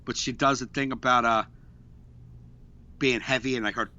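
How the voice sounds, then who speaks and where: Animated man telling stage stories. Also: mid-range voice, normal speed, highs cut off. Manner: animated storyteller, acts out quotes. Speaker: podcast co-host. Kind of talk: casual chat, storytelling.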